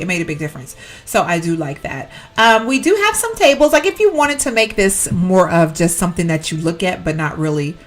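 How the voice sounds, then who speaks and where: Lady rambling thru a sims build, voice all over the place, bit of music behind. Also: a little high. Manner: chatty, rambling, self-correcting, giggly. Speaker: Sims gameplay YouTuber. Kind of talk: casual gameplay commentary.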